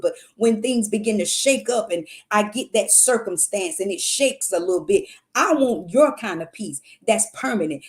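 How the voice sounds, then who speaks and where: A woman hosting a show, giving a devotional talk on faith in a preacherly, repetitive and emphatic way. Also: medium pitch. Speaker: host.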